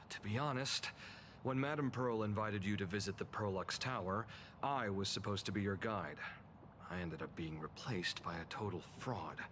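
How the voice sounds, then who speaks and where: An actor playing a polite, formal male escort in a game, speaking with measured courtesy. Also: lowish voice, a bit bright, slight background noise, lightly acted. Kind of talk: game voice acting. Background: game music.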